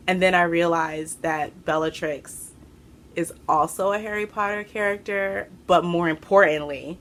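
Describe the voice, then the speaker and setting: A woman's voice: lowish voice, normal speed, a little hiss or hum. Chatty, breathless woman podcaster. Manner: chatty and excitable, with fillers. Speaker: podcast host. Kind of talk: casual chat to camera. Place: home room.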